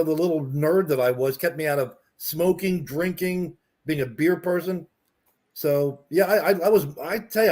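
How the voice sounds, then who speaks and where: Podcast co-host, man, self-deprecating, halting, slightly high voice. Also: darkish tone. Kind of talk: casual chat.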